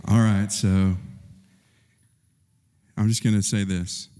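A male pastor delivers a sermon at an unhurried pace, slipping into the voices of the people he describes. His voice rings with the long reverb of a large hall. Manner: animated, acts out quotes with rising pitch.

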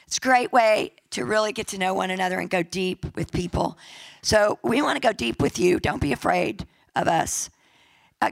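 A woman pastor with a raspy voice, deeply gravelly and full of fry, preaching in a sermon. She keeps it chatty and jokey and repeats key lines for emphasis. The sound is dry and close, with no room around her. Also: no room sound, rough recording. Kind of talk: sermon with church announcements and prayer.

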